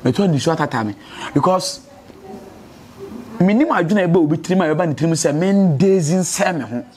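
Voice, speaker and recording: A man's voice: on the high side, lively intonation, brisk, darkish tone, a little hiss or hum. A Ghanaian man giving a street interview in Twi and English, earnest and preachy about faith and change.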